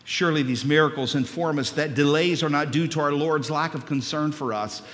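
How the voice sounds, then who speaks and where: A man's voice: on the high side, fairly quick, fairly bright tone. A male pastor preaching a sermon, telling a story and acting out the dialogue before building to emphatic preaching. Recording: long hall reverb.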